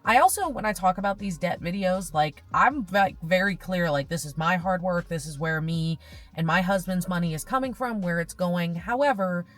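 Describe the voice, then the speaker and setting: A woman's voice: on the low side, normal speed. A young adult woman vlogging from a parked car, chatting casually and rambling with lots of fillers, audibly moved and emotional. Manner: rambling, gushing, with many fillers. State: emotional and touched. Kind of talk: casual chat.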